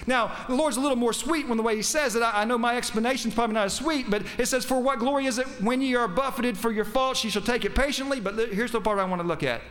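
A man's voice: very high voice, fast, hardly any pauses, a bit bright. A man preaching a sermon, quoting scripture with emphasis and putting questions to his congregation. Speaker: pastor.

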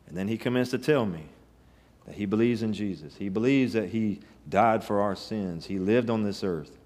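A man's voice: on the low side, moderate pace, a little mellow. A man preaching a sermon, telling stories in a folksy, emphatic way with rising bursts. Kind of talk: sermon with storytelling.

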